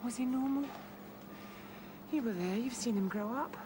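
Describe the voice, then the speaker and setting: A woman's voice: fairly high pitch, moderate pace, background noise, lightly acted. Sarcastic British mother, a woman playing her. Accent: British English. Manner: blunt and sarcastic. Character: worn-down, sharp-tongued mother of a sick boy. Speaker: mother of an autistic son. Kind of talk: British TV drama acting.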